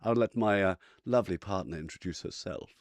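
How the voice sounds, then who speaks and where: A man's voice: low-pitched, a little fast, no echo. A man taking part as a player in a tabletop game, talking in a playful, jokey way. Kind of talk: casual tabletop play.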